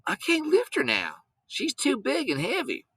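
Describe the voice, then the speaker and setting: A man's voice: very high-pitched, wildly swooping pitch, a little slow, a bit bright, no room sound, voice pushed up, exaggerated voice. A man doing an earnest young farm girl.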